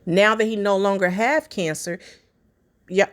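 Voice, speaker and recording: A woman's voice: mid-range voice, fairly even intonation, measured pace, long pauses. A woman hosting a commentary video, sassy and slangy, addressing her viewers as "y'all.". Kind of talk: casual reaction commentary.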